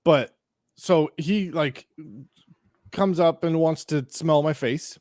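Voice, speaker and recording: A man's voice: on the high side, slow pace, darkish tone, dry recording. Rambling storytelling man, dry close mic. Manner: rambling anecdote with acted-out quotes, frequent likes and restarts. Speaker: podcast host. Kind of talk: casual chat, storytelling.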